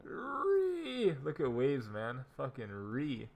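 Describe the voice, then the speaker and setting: A man's voice: mid-range voice, unhurried. A young man hosting a crypto livestream, trading laid-back jokes in casual banter. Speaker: crypto streamer, host. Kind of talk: casual stream chat.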